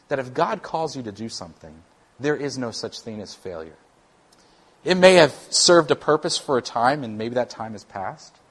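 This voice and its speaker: A man, a worship pastor, preaching a conversational sermon, animated and at times self-deprecating. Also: medium pitch.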